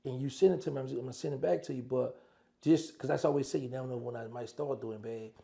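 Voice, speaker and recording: A man with a gravelly, rough-edged voice recounts his years inside in a loose, conversational way. He acts out old phone calls as back-and-forth dialogue, switching voices as he tells them. His pitch sits in an ordinary middle range. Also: steady tone, quick pace, mellow. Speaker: former prisoner telling his story. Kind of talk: casual storytelling.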